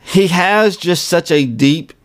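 A man's voice: on the high side, takes it slowly. A man co-hosting a podcast in a casual chat about a TV episode, often stumbling and repeating words as he restarts his sentences. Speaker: podcast co-host.

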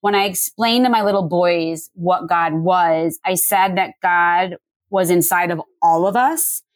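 Low-voiced woman speaking candidly. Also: no room sound. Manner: earnest, explanatory, quick with filler words. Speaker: guest. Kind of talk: candid conversational interview.

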